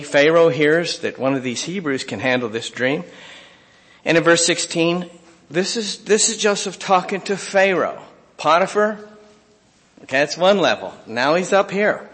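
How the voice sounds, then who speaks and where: A man delivers a sermon, reading scripture aloud and pressing his points with emphatic lines that fall to hushed asides. His voice sits a bit high for a man, and it rings with the long reverb of a large hall. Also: unhurried. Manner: expressive preaching, reads scripture aloud, swings from emphatic to hushed. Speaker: pastor.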